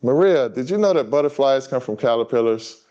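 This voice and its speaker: A man's voice: mid-range voice, expressive, brisk, mellow, dull audio, pitched above the performer's own voice, lightly acted. A man reading as an eager little girl. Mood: excited. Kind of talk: reading a children's story aloud.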